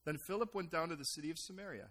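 Middle-aged American male pastor, lively sermon delivery, high and bright. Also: rapid-fire. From United States. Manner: animated, acts out voices of others.

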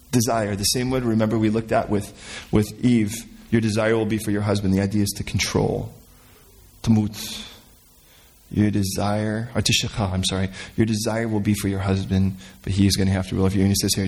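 A man preaching a sermon in an animated way, explaining the meanings of old words and acting out voices from the scripture story. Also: fairly low pitch, quick pace. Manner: explains word meanings from the original language. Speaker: pastor.

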